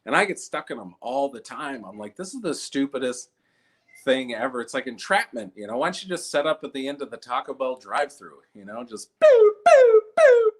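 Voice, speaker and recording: Husky young comedian telling stories. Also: male voice, fairly bright tone. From Minnesota. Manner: loose storytelling, acts out quoted people in jumpy high voices. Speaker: stand-up comedian. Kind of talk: online stand-up set from home. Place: home.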